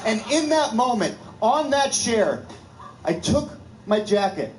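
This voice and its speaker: Male comic spinning a yarn on stage, lively and giggly, roomy reverb, faint hiss. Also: a little high. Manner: animated, laughs through his own story. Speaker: comedian. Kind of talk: storytelling stand-up set.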